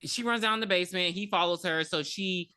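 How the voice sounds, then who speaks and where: A man's voice: high-pitched, a little fast, sharp tone, clear, resonant tone. A man co-hosting a podcast, recapping a horror film in a blunt, joking way and swearing freely. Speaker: podcast co-host.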